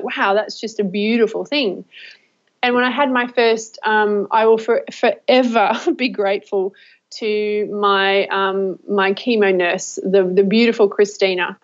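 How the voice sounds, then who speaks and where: Woman vlogger, mid-pitched, heartfelt and halting, muffled lo-fi sound. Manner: emotional, halting, many fillers and restarts. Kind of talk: heartfelt personal talk to camera. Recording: dull lo-fi recording.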